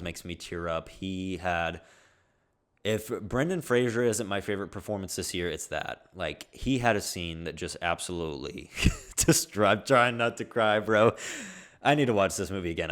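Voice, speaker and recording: A deep-voiced young man talks through his movie picks in a casual vlog. He's excitable and gushing, and he drops swear words freely as he goes. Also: normal speed. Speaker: movie vlogger.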